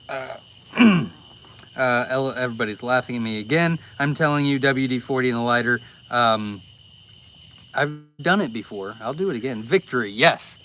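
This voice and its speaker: A man's voice: medium pitch, moderate pace, a bit bright, a little hiss or hum, rough recording. A man in the middle of his register chats loosely through a live stream from his farm. He rambles, loses his thread and fills the gaps with ums and uhs. Faint crickets and insects chirp behind him outdoors at night. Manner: rambling, easily sidetracked, many fillers. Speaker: farm livestream host. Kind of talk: casual live-stream chat.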